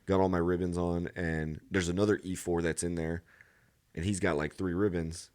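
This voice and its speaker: A man's voice: low voice, level tone, moderate pace, darkish tone. A man in his thirties, a Marine guest on a podcast, telling rambling service anecdotes with frequent restarts and laughing at his own stories. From United States. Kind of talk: casual storytelling interview.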